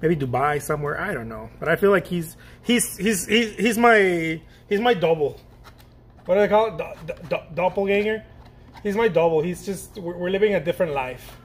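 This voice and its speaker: A middle-aged man from Mexico teaching painting in a casual, excitable, slangy way, laughing often and repeating himself. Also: high voice, normal speed, husky. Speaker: painting instructor. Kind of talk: casual chat while painting.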